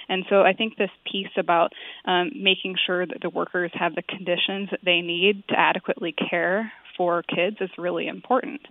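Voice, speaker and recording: A woman author answers interview questions in a considered way, pausing often on "um" and "like". Her voice sits a little low and carries some gravel. The sound is tinny and dry, as if it comes down a phone line. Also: no room sound. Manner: thoughtful, many fillers like "um" and "like". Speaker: author and guest.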